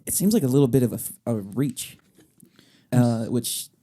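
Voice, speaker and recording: A young man co-hosting a podcast, talking in an easy, casual way. He is animated and jokey, and his voice sits in a mellow, warm register at a middle pitch. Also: normal speed. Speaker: podcast co-host. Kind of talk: casual chat.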